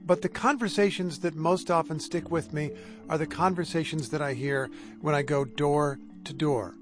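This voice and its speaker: A male radio host making a heartfelt, conversational fundraising appeal. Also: a little high. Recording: music bed under voice.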